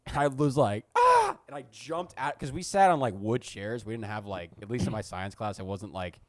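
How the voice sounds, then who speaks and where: Young man, low voice, dry close sound, rambling self-mocking storyteller, casual podcast chat. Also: brisk, a little mellow, no room sound. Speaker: podcast co-host. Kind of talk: casual chat, telling school stories. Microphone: podcast studio mic.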